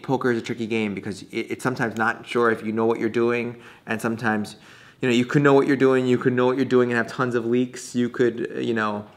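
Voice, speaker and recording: A man's voice: mid-range voice, a bit bright. A man speaking as a poker coach in a casual monologue, chatty and laughing often, with many restarts and fillers. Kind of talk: casual talking-head monologue.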